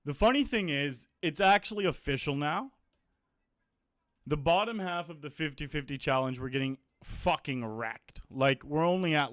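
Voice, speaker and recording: A man streaming online poker, chatting casually about his hands and results, blunt, self-mocking and quick to swear. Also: medium pitch, fairly bright tone, clean tone, no echo, clean studio sound. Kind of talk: casual live-stream commentary.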